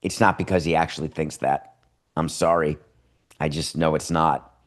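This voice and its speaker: A podcast host with a steady bass voice delivers opinionated sports talk, lecturing emphatically. He stretches words out to drive his points home and fires off rhetorical questions and quick asides.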